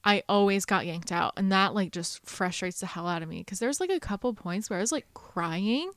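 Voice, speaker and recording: A young woman in casual conversation about a book, chatty and animated, filling her talk with "like". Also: mid-range voice, moderate pace, no echo.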